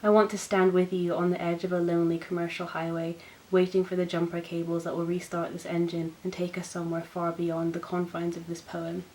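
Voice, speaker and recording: A young woman hosting a book channel, reading poems aloud in an expressive, self-mocking way. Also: on the low side, fairly quick, a little hiss or hum, poor audio. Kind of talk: poetry reading.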